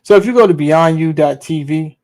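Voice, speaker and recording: A man hosting a podcast livestream, talking in a relaxed, casual, slangy way. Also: a little high, normal speed. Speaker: podcast host.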